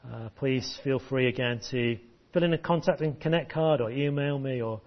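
A man's voice: medium pitch, moderate pace, lo-fi sound. A man preaching a sermon and leading children through a memory verse, encouraging and call-and-response. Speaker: pastor. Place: church service.

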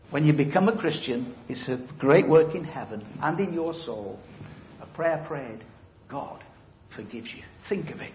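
In a church hall, a middle-aged man delivers an evangelistic sermon, speaking emphatically but conversationally and posing questions to his audience. His voice is on the high side with a slight hiss or hum, and the recording sounds roomy and a bit dull.

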